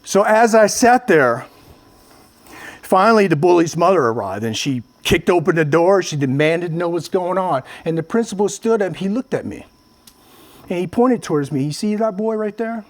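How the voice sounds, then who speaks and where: In this public speech, a motivational speaker from Vietnam earnestly tells his own story and talks directly to the crowd. His high-pitched voice is expressive and moves at a moderate pace.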